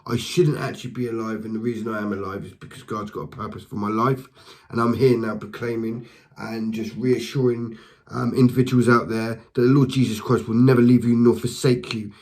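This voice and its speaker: A man's voice: mid-range voice, steady tone, a little fast, darkish tone, rough recording. Male preacher, mid-range voice, fervent and passionate, speaks to camera with stumbling repetitions. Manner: passionate, fervent, repeats words and restarts; speaks to the listener directly with encouragement. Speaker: lay preacher. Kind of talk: impassioned spoken testimony.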